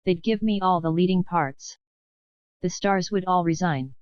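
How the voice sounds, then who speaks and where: A woman's voice: lowish voice, measured pace, darkish tone, smooth, dry recording, dull audio, lightly acted. A woman voicing a vain, plump, bossy aunt who boasts of her own beauty. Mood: boastful. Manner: boastful, ordering.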